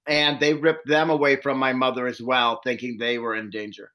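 A man's voice: mid-range voice, moderate pace. A man telling a long personal story in an interview, earnestly acting out the voices of people he met. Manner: earnest, animated retelling with quoted dialogue. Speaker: social worker and domestic violence trainer.

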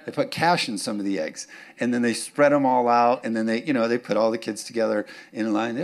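Joking pastor preaching a sermon. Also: male voice, medium pitch, quick pace. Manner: joking, conversational, rising to fervent exhortation.

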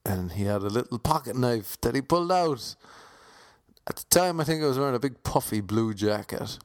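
A man's voice: mid-range voice, animated, normal speed. Rambling Irish man from Cork. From Ireland, Cork. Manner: rambling, self-correcting, wry asides. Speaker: storyteller. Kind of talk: comic anecdote monologue.

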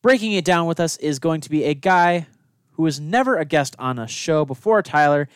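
Young male host, teasing and blunt, slightly high, animated delivery, dry sound. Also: normal speed, clear, resonant tone, no room sound. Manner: teasing, blunt hot takes. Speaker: podcast host. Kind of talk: casual chat.

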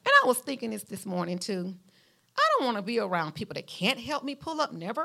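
A woman's voice: fast talker, vocal fry. A woman with a Southern Alabama drawl preaching a sermon, folksy and emphatic, talking straight to her congregation. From Mount Vernon, Alabama, US. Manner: animated preaching with a lively pitch, rising to emphatic peaks; folksy, speaks directly to the congregation.

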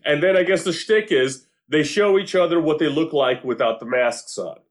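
A man chatting casually and recapping a TV show, animated, acting out quotes, swearing freely and laughing often. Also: fairly high pitch, moderate pace.

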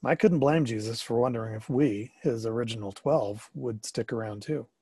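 Man, first-person storybook narration, expressive, dark mellow voice, a bit husky. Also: medium pitch, normal speed, no room sound. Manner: expressive, rising to excited questions.

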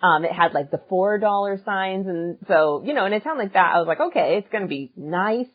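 A woman co-hosting a podcast, telling a funny story in casual chat, animated and laughing often. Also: medium pitch, a little fast, narrow, tinny audio. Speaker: podcast co-host and musician.

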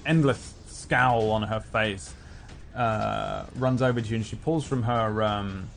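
A man narrating as game master, relaxed and halting, with plenty of fillers and made-up sound effects. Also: lowish voice, vocal fry, slight background noise.

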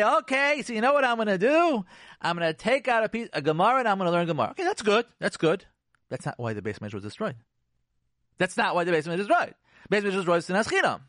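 A man hosting a radio show, giving an informal religious talk. He acts out quoted spouses and prayers in changing voices and sometimes drops to a hushed tone. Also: a little high, no room sound, studio quality.

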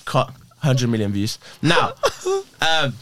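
A young man telling a story as a guest on a chat podcast. He is slangy and animated, swears freely and keeps asking whether you get it. His voice sits at an ordinary middle pitch for a man. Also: fast. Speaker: podcast guest, prank creator.

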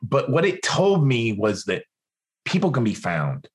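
A podcast guest, a man, tells a long story in an animated way. He acts out other people's lines in different voices and often restarts his sentences. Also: mid-range voice, a little slow. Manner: rambling, with frequent restarts.

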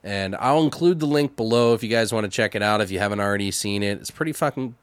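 A man's voice: lowish voice, fast, clear, resonant tone, dry recording. A man co-hosting a casual podcast, swearing a lot and rambling through horror news, a bit tipsy. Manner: profane, rambling, jokey. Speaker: podcast co-host.

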